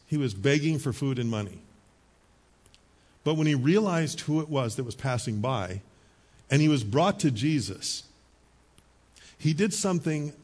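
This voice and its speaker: A middle-aged male pastor preaching a sermon in a conversational storytelling manner, with quick asides to the congregation. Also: medium pitch, darkish tone.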